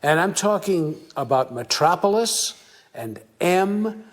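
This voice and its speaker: Lively man telling an anecdote. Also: sits high, slow. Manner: lively, acts out quoted dialogue. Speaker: storyteller recalling a meeting. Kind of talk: anecdotal storytelling.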